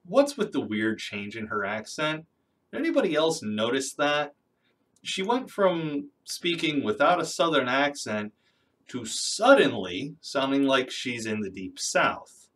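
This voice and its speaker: A man's voice: fairly high pitch, fairly bright tone, distant mic. A man giving critical, skeptical commentary in a reaction video.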